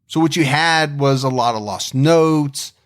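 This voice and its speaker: A man's voice: a little high, unhurried. A man co-hosting a podcast, talking in a reflective, conversational way with frequent restarts. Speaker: podcast co-host. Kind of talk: casual podcast chat.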